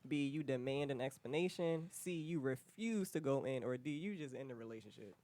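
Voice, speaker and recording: A woman co-host reading quiz questions out to the panel in a brisk, blunt way. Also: rumbling low, lively intonation, warm tone.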